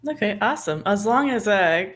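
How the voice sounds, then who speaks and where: A woman co-hosts a casual podcast at an ordinary middle pitch. She asks questions in a relaxed way and pokes fun at herself. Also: brisk. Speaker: podcast co-host. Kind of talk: casual interview chat.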